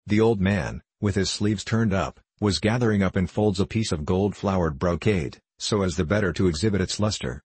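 A man narrating a classic novel as an audiobook in a measured, even reading. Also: low-pitched, breathy edge, dry recording.

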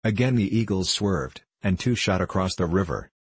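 Man reading a novel out loud, very low husky voice, dry close sound. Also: lively intonation, moderate pace, no echo. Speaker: audiobook narrator. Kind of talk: scripted narration of a novel.

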